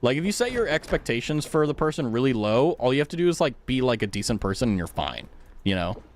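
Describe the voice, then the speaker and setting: A man's voice: mid-range voice, very animated, quick pace, slight background noise. A man streaming a game, chatting casually and joking at his own expense. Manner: joking, rambling, self-mocking. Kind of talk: casual chat.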